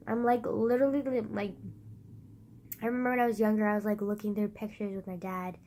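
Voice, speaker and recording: A squeaky-voiced woman with a sick, slightly husky edge, talking to her phone's front camera. She rambles loud and giggly in a mid-range voice, swears freely, and mocks herself. Faint hiss sits under her voice. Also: flat delivery, a little fast. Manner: loud, giggly, swears a lot, self-mocking. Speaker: vlogger. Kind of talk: rambling casual chat to camera.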